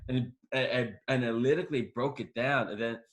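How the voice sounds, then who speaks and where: A man's voice: mid-range voice, fairly quick. A man in his forties, a guest actor telling a long story in an interview, restarting sentences and acting out what people said. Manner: rambling, restarts often, acts out quoted dialogue.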